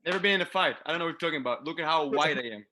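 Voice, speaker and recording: A man with an Israeli accent, a stand-up comedian telling stories over a video call in an animated, lively way. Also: fairly high pitch, very fast.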